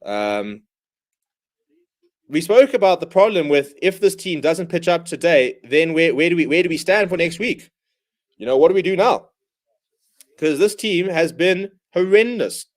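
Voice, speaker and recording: A man with a fairly high voice hosts a live rugby watchalong, ranting in exasperation at his own team. He calls the action in short, clipped bursts between complaints. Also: expressive, unhurried, pauses often. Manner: exasperated, ranting fan commentary. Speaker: watchalong host. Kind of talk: live match watchalong commentary.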